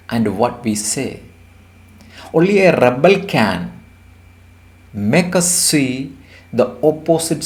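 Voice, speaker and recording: A man's voice: medium pitch, a little mellow. A man teaching a lesson, explaining a poem and stressing and repeating key words for his students. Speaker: English teacher.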